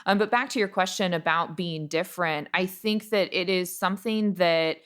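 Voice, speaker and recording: A woman's voice: on the low side, moderate pace, a bit bright, clear, resonant tone. A woman from Washington state, a beauty brand founder, talking in a heartfelt podcast interview in an earnest, reflective way, often restarting her sentences. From Washington, USA. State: emotional, near tears.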